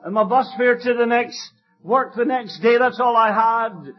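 A man preaching an evangelistic sermon, telling stories fervently and emphatically, with loud exclamations at times. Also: extremely high pitch, a little slow, dull audio.

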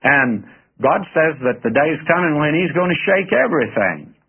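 A man's voice: a little high, sing-song, normal speed, husky. A man preaching a radio sermon in a folksy, earnest way, talking straight to his listeners. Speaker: radio Bible teacher. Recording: tinny phone-like radio broadcast.

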